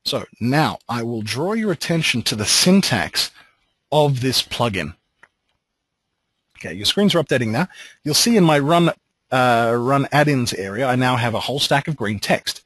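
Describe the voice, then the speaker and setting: An Australian man leading a software training webinar, explaining steps with relaxed joking asides. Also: medium pitch, normal speed, husky, dry recording, rough recording.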